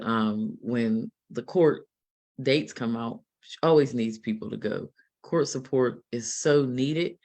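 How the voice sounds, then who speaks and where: Male host of a live stream, mid-pitch, hesitant delivery with plenty of fillers. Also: darkish tone.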